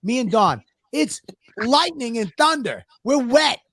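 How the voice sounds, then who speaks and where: A man's voice: extremely high pitch, big pitch swings, measured pace, fairly bright tone, no echo, clean studio sound. A man telling a profane, exasperated story on a podcast and acting out both sides of the talk. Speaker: podcast co-host. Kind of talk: animated storytelling.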